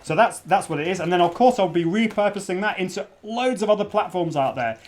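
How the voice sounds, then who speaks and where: A man's voice: high voice, animated, brisk. A middle-aged man hosting a live stream launch party, chatty and prone to restarts. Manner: chatty, restarts often, interrupted by kids. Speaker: podcast host. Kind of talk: casual livestream talk.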